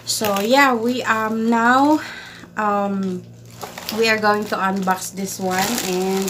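A woman with a Filipino accent talking in a casual unboxing vlog indoors at home. She is excitable, breaks into loud exclamations and halts often with fillers. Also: mid-range voice, very noisy. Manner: halting, many fillers. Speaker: vlogger.

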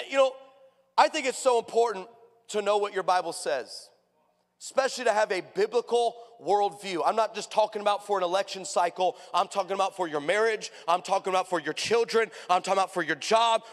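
A man preaching a sermon as pastor, telling stories in an animated way and acting out the people in them with big raised voices. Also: high-pitched. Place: church sanctuary. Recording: long hall reverb.

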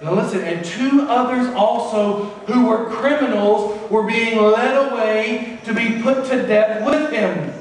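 A man with a strikingly high voice delivers a sermon, weaving scripture readings into his preaching. He is picked up from a distance in a church sanctuary, his words ringing out with heavy echo and a long hall tail. A faint hum of room noise sits underneath. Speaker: pastor. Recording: echoey church hall from far off.

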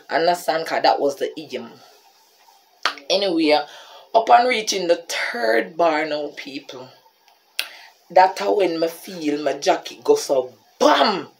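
A woman's voice: low-pitched, measured pace, slight background noise. A woman with a Jamaican accent telling a story on her vlog, talking to her viewers and calling them "people". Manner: animated, keeps addressing viewers as "people". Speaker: vlogger.

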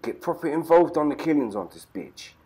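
A man's voice: on the high side, lively intonation, brisk, mellow. A man from Britain hosting a let's play, swearing and trash-talking his enemies as he plays. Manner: profane, rowdy trash talk. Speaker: gaming channel host.

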